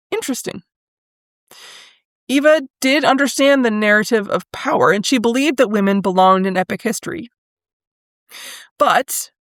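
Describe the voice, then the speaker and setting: A woman hosting a solo history podcast, talking in a thoughtful, conversational way, with fillers and pauses now and then. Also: mid-range voice, no echo, clean studio sound. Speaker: podcast host.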